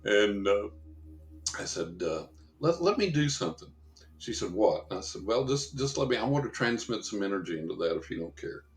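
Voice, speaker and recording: Very animated, a psychic investigator guest spins rambling stories in a podcast interview, performing the voices of the people he cites. His voice sits on the low side, his speed is normal, and the room is echoey.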